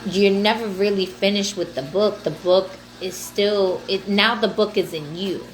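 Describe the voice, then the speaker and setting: A woman's voice: mid-range voice, unhurried, slight background noise. A woman hosting a livestream in casual, profane, laughing talk aimed at her viewers. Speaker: livestream host.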